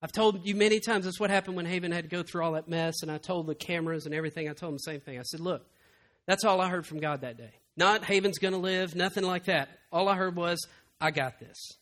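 Impassioned pastor, high and bright. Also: male voice, quick pace. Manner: impassioned, swinging from loud to hushed. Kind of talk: sermon. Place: church.

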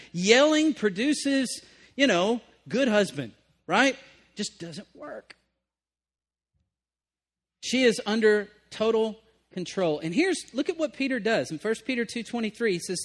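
A man preaching a sermon, moving between emphatic bursts and hushed asides, often checking in with the room. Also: sits high. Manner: conversational, checks in with listeners. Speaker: pastor.

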